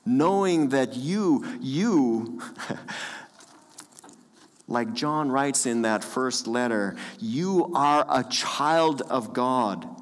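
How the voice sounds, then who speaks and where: A man preaching a sermon as pastor, earnest and conversational, repeating key phrases with the odd soft chuckle. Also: medium pitch. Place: church sanctuary. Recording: long church reverb.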